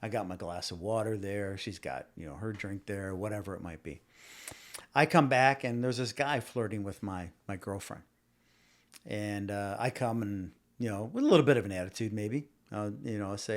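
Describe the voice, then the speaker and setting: A man's voice: fairly low pitch, brisk. A man hosting a podcast, talking in a rambling, argumentative monologue that stumbles and repeats words as he addresses live viewers. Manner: talks directly to live viewers. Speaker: podcast host. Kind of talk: casual opinion monologue.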